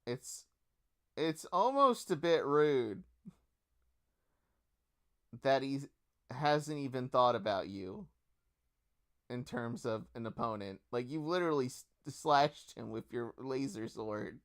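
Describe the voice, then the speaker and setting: Unhurried man running a tabletop game. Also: medium pitch, lively intonation. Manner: easygoing, with many filler words. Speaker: game master.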